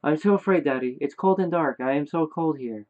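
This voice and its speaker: A man's voice: fairly high pitch, fairly quick, darkish tone, voice pushed up, lightly acted. A man voicing the ghost of a young boy who begs and gives eerie orders. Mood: pleading. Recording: tinny phone-like sound.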